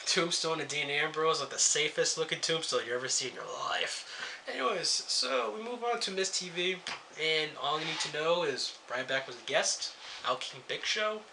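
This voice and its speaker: A man's voice: a little high, expressive, moderate pace, creaky, noisy background. A young man reviewing a wrestling show in a casual rant, sarcastic and swearing freely as he jumps between topics.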